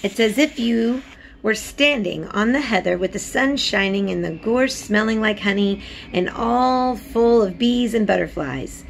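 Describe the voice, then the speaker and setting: A woman's voice: mid-range voice, lively intonation, a little slow, vocal fry, a little hiss or hum, pitched above the performer's own voice. A woman reading aloud, voicing a sickly, spoiled boy who sounds cross and resentful. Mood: agitated. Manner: cross, complaining.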